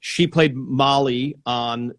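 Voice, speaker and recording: A man's voice: medium pitch, steady tone, slow pace. A man hosting a casual live interview over a video call, rambling and restarting his sentences as he talks. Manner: rambling, restarts sentences, repeats "yes" and "yeah". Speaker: host.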